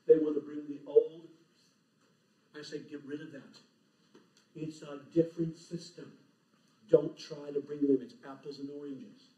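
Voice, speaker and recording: A man's voice: on the high side, mellow. Emphatic man lecturing in an echoey hall. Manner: emphatic, preacherly, punchy short phrases. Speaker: conference speaker. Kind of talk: animated lecture to a live audience. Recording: echoey hall, distant, dull lo-fi.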